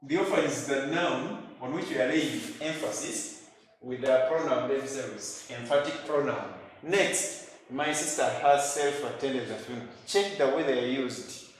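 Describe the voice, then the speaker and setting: A Ugandan man teaching an English grammar lesson, speaking slowly and emphatically and repeating each example sentence. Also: medium pitch. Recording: very echoey room, faint noise.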